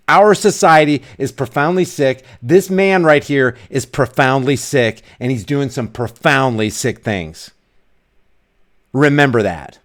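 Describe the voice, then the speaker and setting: A middle-aged man ranting in a commentary vlog, fiery and preachy, hammering his points home through repetition. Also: medium pitch. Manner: fiery, preachy, emphatic, repeats himself. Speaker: vlogger.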